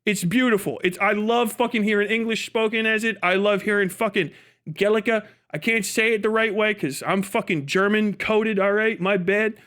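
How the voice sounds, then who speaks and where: A man's voice: high-pitched, fairly even intonation, moderate pace, a bit bright. A man hosting a livestream, reacting with profane, mocking commentary and frequent laughter. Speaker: livestream host.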